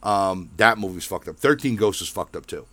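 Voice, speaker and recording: A man's voice: sits low, expressive, normal speed, a bit bright, slight background noise. A man hosting his own show, ranting in a casual, rambling monologue full of swearing and filler words. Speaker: podcast host.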